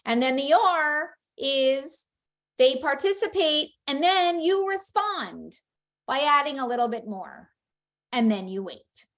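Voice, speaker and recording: Woman, educator, slow pace, higher voice, patient instructional talk, animated read-aloud examples. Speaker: speech-language educator. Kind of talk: instructional presentation for parents.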